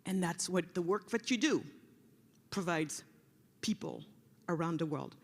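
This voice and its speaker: A woman giving an emotional storytelling speech at a conference, passionate and sometimes dropping to a hushed, soft delivery. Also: fairly low pitch, a little slow. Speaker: keynote speaker. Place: large conference hall. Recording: long hall reverb.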